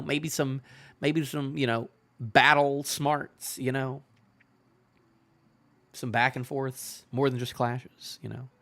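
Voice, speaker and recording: A man hosting a reaction video in casual solo commentary, rambling and filling his talk with "you know", often trailing off in a low-key way. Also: bright, forceful tone. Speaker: manga reaction channel host.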